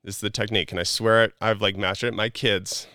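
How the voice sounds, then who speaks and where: A man's voice: fairly low pitch, flat delivery, fast, pushed and bright, clear, resonant tone, no echo, clean studio sound. A man hosting a casual talk, coaching a guest with blunt advice, swearing freely and acting out little quotes.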